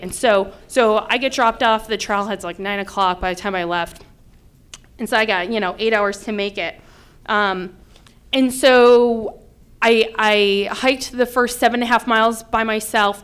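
A woman in her thirties from upstate New York tells a personal story with a fairly high, smooth and clear voice. She talks casually and lively, and she acts out what people said with loud, high bursts. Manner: animated, acts out quotes loudly.

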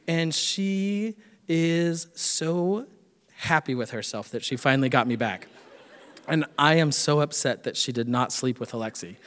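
A man's voice: on the high side, a bit bright. Guy telling a funny true story live, self-mocking, big hall echo.

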